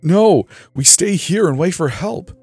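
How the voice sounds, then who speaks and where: A man's voice: fairly high pitch, lively intonation, measured pace, darkish tone, breathy edge, dry recording, soft background music, pitched above the performer's own voice. A man doing a sobbing, terrified teenage girl. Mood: desperate insistence.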